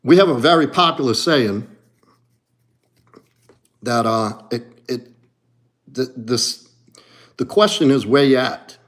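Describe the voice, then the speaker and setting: Slow, with long pauses, a middle-aged man with a New Orleans accent chats on a livestream as a martial arts coach and reads out comments. He's blunt and profane, his voice dipping into low mutters and climbing into animated bursts.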